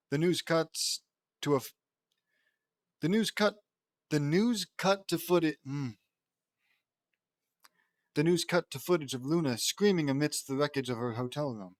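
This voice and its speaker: Man, fan-fiction audiobook reader, stumbling casual read, raised pitch, dry sound. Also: unhurried, long pauses, no room sound. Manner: stumbling restarts, amused asides.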